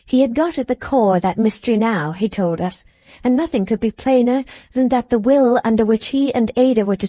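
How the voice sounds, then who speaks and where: A woman narrating a classic novel as an audiobook, in a measured, composed storytelling manner. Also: fairly high pitch, warm tone, dry recording.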